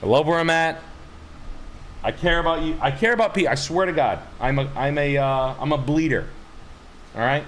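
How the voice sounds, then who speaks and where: A man hosting a livestream, ranting loudly and emphatically with lots of swearing. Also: a little high, normal speed, long pauses, a little hiss or hum. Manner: loud, swearing, emphatic, rambling. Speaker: streamer host. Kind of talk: profane livestream rant.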